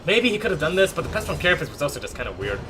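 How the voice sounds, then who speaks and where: A young man casting a strategy game live from his home attic, excitable, laughing often and chatting with his viewers. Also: on the high side, very fast, over music. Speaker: esports caster. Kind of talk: live game commentary with chat banter.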